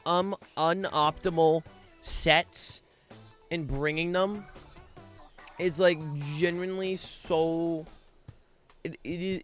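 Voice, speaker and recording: Brash young male streamer, slightly high. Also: clean tone. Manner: brash, joking, swears a lot. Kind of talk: casual live gaming stream chat.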